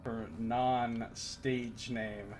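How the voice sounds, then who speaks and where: A man's voice: medium pitch, level tone, very slow, darkish tone, soft background music. A man streaming a game live, chatting casually with his viewers and cracking profane jokes. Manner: profane, joking asides to chat. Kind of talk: casual live-stream commentary while gaming.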